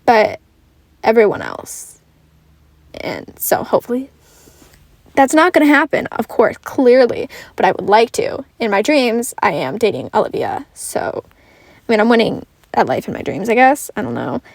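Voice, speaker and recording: A woman's voice: fairly high pitch, sing-song, normal speed, gravelly, a little mellow, dry recording. A tired young woman hosting a casual solo podcast, rambling and correcting herself, swearing now and then. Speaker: podcast host.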